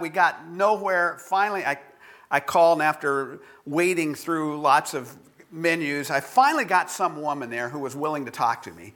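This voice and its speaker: Animated, bright-voiced male pastor. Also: a little high. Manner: animated storytelling with laughs, then hushed prayer. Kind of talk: sermon with personal story and closing prayer.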